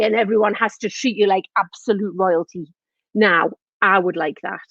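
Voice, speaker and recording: Woman, children's French teacher, sing-song, drawn-out repetitions, dry, muffled home mic. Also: mid-range voice, no echo. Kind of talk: online lesson for children.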